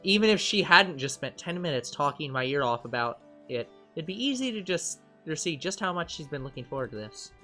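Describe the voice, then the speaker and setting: A man's voice: a little high, a little fast, hardly any pauses, soft background music. A man hosting a game channel, reading a visual novel aloud and joking between lines. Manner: lively, joking, animated laughing outbursts. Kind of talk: let's play narration and banter.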